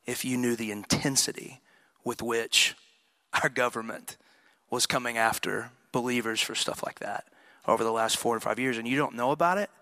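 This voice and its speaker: Middle-aged male pastor, sermon delivery, forceful bright tone, dry close mic. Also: mid-range voice, no echo. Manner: storytelling, building to impassioned emphasis. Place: church.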